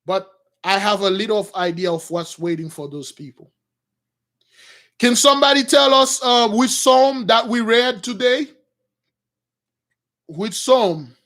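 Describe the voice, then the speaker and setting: A man's voice: very high-pitched, a bit bright. A man giving an informal sermon, retelling a story and calling his listeners brothers, with many fillers and restarts. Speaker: preacher.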